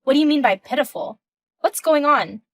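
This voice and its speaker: A woman's voice: high voice, lively intonation, normal speed. A woman in her thirties voicing a composed, indignant wife in a text-message story, firm and questioning. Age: 30s.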